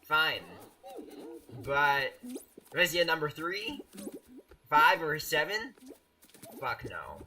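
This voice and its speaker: A man's voice: a little high, slow pace, pauses often, pushed and bright. A young man streaming a game live, chatting casually and teasing his viewers. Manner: playful, teasing, restarts often, laughs at chat.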